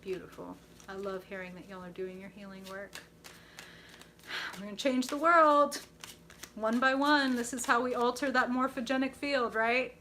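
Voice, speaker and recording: A young woman runs a live tarot reading stream, bubbly and gushing, letting out excited squeals as she reacts to the chat. Her voice is a little high and brisk, with background noise present.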